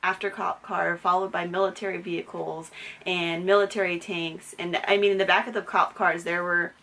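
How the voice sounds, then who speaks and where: A woman giving eyewitness testimony in a hurried way, with fillers like "um" and "like". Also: lowish voice, level tone, a bit bright. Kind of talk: recounting testimony.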